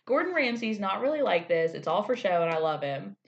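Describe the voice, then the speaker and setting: A woman's voice: mid-range voice, sing-song, a little fast, dull audio. A woman co-hosting a podcast, chatting casually, acting out quotes and swearing freely. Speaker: podcast co-host. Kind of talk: casual recap chat.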